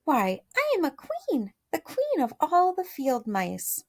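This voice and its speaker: A woman voicing a tiny, proud queen of the field mice in a high, shrill, squeaky voice, reading a storybook aloud. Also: wildly swooping pitch, slow pace, full character voice. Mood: indignant. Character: tiny proud female mouse queen, indignant.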